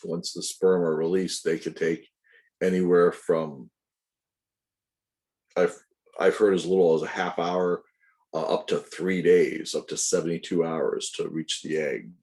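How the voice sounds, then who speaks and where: A man's voice: low voice, flat delivery, unhurried, darkish tone. A man giving a recorded anatomy lecture, explaining step by step, correcting himself and adding asides to his students. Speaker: anatomy instructor.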